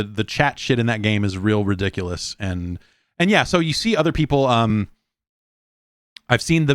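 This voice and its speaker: A man's voice: lowish voice, no echo, studio quality. A man hosting a podcast, reading a listener email and telling loose, profane gaming stories with many restarts. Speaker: podcast host. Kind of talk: casual solo podcast talk. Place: quiet room at home.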